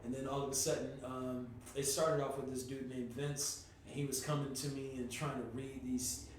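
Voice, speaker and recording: A man telling a personal story on a podcast in a casual, animated way, swearing freely and sometimes rising to a shout. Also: mid-range voice, moderate pace. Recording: echoey room, distant from mic, faint noise.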